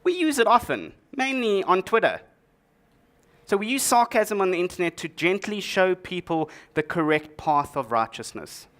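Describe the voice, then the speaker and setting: A man giving a tech talk from a conference stage, his voice sitting a little higher than most men's. He jokes in a dry, sarcastic way between his explanations. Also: big pitch swings, normal speed, fairly bright tone. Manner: dry, joking delivery with sarcastic asides. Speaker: conference speaker. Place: conference stage before an audience.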